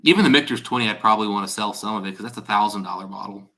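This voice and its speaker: Chatty stream host guy, bright tone, keeps restarting his sentences. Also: fairly low pitch, racing, creaky. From Ohio, USA. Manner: chatty, rambling, frequent restarts. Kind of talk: casual chat on a live stream.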